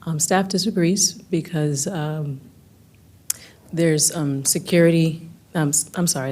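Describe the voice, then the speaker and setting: A woman gives planning staff updates at a public board meeting, rushing, apologizing and saying um a lot as she loses her voice. Her voice is low, steady and darkish in tone.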